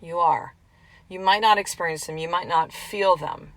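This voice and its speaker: Earnest chatty woman, low voice. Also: rough recording. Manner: earnest, chatty, repeats affirmations slowly. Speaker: podcast host and life coach. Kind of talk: motivational talk.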